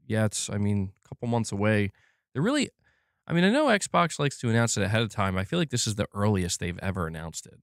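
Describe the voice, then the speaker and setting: A man with a lowish, smooth and clear voice hosts a relaxed gaming livestream. He talks loosely and chattily, greeting viewers and reading out their chat. The sound is close and dry. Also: no room sound. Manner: chatty, reads out chat messages. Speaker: livestream host.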